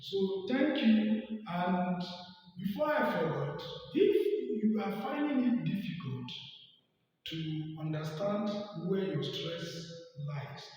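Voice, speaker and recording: A man's voice: sits high, sing-song, slow, darkish tone, far from the mic. Man, teacher, asks and answers his own questions, repeats key words, long hall reverb, faint music behind. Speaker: English teacher. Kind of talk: video lesson on pronunciation.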